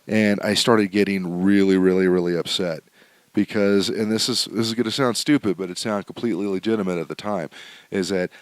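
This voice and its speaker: Low-voiced man rambling through a story. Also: steady tone, brisk, no room sound. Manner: rambling, candid, with many fillers and restarts. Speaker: podcast host. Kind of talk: casual storytelling monologue. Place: at home. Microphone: home setup, still adjusting sound.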